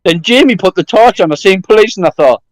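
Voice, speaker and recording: Young man with a high voice, boisterous and sweary, recorded dry and close on a live podcast. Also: animated, quick pace, no room sound. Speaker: podcast co-host.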